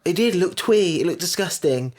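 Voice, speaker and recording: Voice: medium pitch, expressive, normal speed, a little mellow. Blunt, sweary co-host. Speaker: podcast co-host. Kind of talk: casual chat reviewing an episode.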